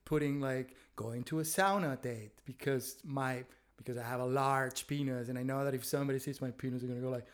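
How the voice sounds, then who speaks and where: A man's voice: mid-range voice, fairly even intonation, brisk, few pauses. A man chatting candidly on a podcast about his dating life, laughing often as he rambles through stories. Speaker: podcast guest, stand-up comedian. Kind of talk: casual chat. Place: Berlin.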